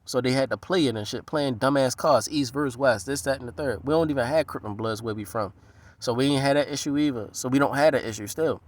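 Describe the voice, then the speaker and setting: A man from the US East Coast delivers a casual, profane, streetwise monologue, animated and slipping into other people's voices as he goes. He talks fast at a medium pitch.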